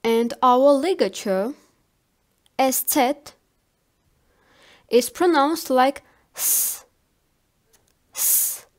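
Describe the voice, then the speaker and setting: A woman giving a language lesson, saying each word slowly and carefully, often twice. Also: high-pitched, animated. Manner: slow, carefully enunciated word drills. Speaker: language teacher.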